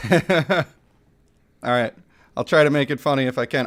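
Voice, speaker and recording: A man's voice: medium pitch, a little slow, fairly bright tone. A man streaming live, reading a game story aloud in a playful, self-mocking way.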